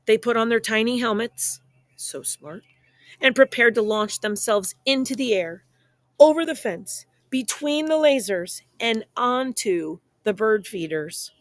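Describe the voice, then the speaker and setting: A woman reading a children's picture book aloud in a playful, expressive way, speaking straight to young listeners. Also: on the high side, unhurried, hardly any pauses, no echo. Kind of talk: children's story read-aloud.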